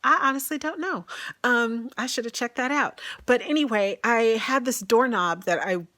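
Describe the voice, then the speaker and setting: A woman's voice: fairly high pitch, moderate pace, bright, forceful tone, low-quality recording. A woman vlogging an unboxing at home by a fireplace, giddy and gushing, with gasps and laughter. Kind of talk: casual unboxing chat.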